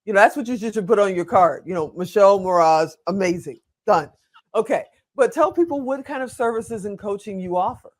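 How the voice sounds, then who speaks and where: A woman's voice: medium pitch, a little fast. An older woman hosting an interview show, gushing over her guest and speaking frankly about herself. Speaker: host. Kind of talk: enthusiastic interview host chat.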